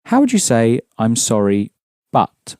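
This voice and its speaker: A man's voice: mid-range voice, wildly swooping pitch, measured pace, dark tone, no room sound, studio quality. A man teaching a language lesson, explaining patiently and prompting his students with questions.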